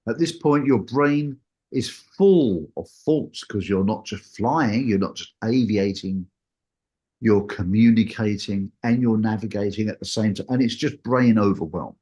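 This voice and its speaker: A man telling a personal story in a casual, animated way, acting out what people said. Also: unhurried, slightly rough. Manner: animated, acts out what people said with big jumps in pitch.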